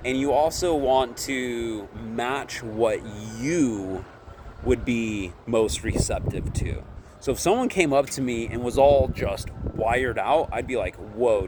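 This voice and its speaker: A medium-pitched man, recorded with background noise, gives casual vlog talk to camera about his candy vending business. Rambling along, he puts "right?" at the end of almost every sentence and acts out the dialogue he recounts.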